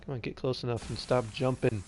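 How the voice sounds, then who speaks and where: Brisk and steady, his medium-pitched voice has a darkish tone, with a little hiss or hum in the recording. A tired man rambles through casual commentary while streaming a game live, reading game text out loud and trailing off mid-thought.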